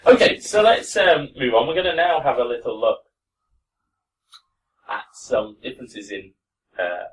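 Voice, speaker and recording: A man leads a pronunciation class, relaxed and encouraging as he coaches students. His voice sits at an average pitch. He is picked up from some distance across the classroom. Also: a little slow, slight background noise. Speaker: pronunciation teacher. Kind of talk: classroom teaching. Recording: voice from far off.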